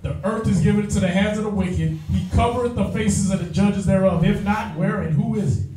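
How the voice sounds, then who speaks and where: A man leading an informal Bible study, speaking in a slangy, sarcastic, animated way. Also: high voice, fairly quick, a little hiss or hum. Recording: echoey room, mic at a distance.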